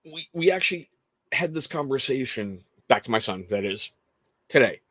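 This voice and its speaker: A man in his thirties hosting a casual show, telling family stories in an animated way and laughing often. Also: mid-range voice, moderate pace, no echo. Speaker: podcast host talking to chat. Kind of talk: casual chat.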